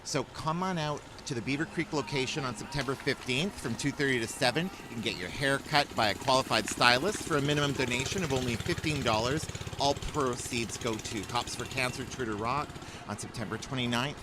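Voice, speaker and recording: A man's voice: mid-range voice, a little fast, background noise. A man co-hosting live commentary at an outdoor parade, reading out details about each group with some "um"s. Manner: steady, reads details with fillers. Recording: music playing behind.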